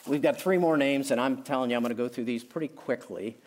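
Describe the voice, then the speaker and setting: A man's voice: mid-range voice, quick pace, a little mellow. A middle-aged male pastor preaching a sermon, emphatic, with personal stories, asides and self-deprecating jokes.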